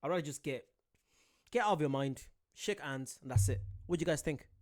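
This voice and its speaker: A British man hosting a casual reaction video, excitable, laughing often and talking straight to his viewers. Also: on the high side, a little fast.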